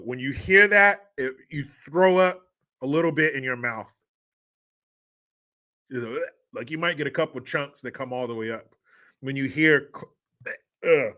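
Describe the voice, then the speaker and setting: Male podcast host, fairly high voice, sharp and forceful, crude, mocking rant. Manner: crude, mocking, profane, often laughing scornfully. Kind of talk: solo commentary rant.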